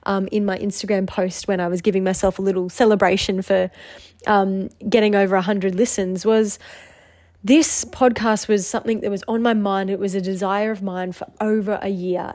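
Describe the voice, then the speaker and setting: A young adult woman talks alone into her podcast in a candid, open way. She is emotional, laughs often and leans on ums and likes. Her voice sits at an ordinary middle pitch for a woman. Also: darkish tone. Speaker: podcast host and business owner. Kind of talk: personal solo podcast monologue.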